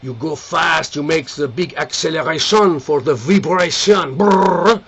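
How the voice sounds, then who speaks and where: A man's voice: on the high side, unhurried, vocal fry, a bit bright, husky, exaggerated voice. A man playing an amorous, theatrical Frenchman in a put-on French accent with broken English. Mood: boastful.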